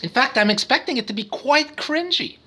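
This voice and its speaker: Lively, bright-voiced man rambling to camera. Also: very high voice, a little fast. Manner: animated, breaks into sudden singing, noises and cartoon voices; rambling, self-interrupting. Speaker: vlogger, autistic father. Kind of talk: casual talk to camera.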